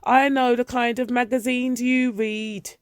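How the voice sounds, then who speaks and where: A woman's voice: mid-range voice, lively intonation, moderate pace, gravelly, a little mellow, no echo, studio quality. A woman reading a dramatic monologue, voicing a fretful elderly mother in her seventies who scolds and sulks. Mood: shouting. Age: 70s. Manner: scolding, wounded, accusing.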